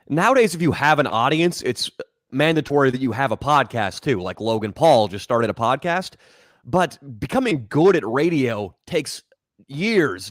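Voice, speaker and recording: A man's voice: mid-range voice, dry recording, studio quality. A man hosting a podcast, ranting with strong opinions in casual chat. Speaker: podcast host.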